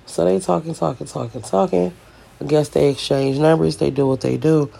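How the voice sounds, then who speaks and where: A man's voice: a little high, normal speed, vocal fry, dark tone. A man casually retelling a personal story in loose, profane slang, acting out the dialogue as he goes.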